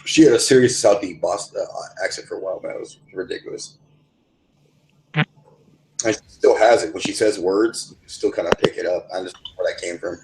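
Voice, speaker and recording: A man's voice: deep voice, fairly even intonation, brisk, a little mellow, a little hiss or hum, rough recording. A man in a casual online voice chat, telling rambling stories with plenty of swearing. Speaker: voice chat participant.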